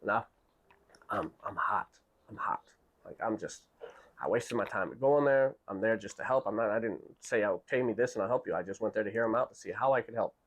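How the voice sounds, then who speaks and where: A man telling a story in a casual monologue, animated and acting out other people's voices. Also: on the low side, fairly quick, husky. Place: Japan.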